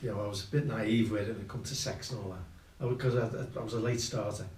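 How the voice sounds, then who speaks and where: A man's voice: fairly low pitch, fairly even intonation, fast talker, darkish tone, a little hiss or hum. Older scouse guy rambling thru a funny old story, sounds roomy and a bit far from the mic. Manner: rambling anecdotal, self-mocking, with colloquial slang. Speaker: guest musician.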